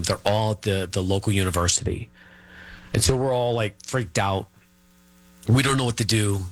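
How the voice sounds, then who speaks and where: Middle-aged male guest, a bit low-pitched, talks in loose, halting, filler-heavy stories. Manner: rambling, halting, full of fillers and restarts. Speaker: interview guest. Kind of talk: casual storytelling interview.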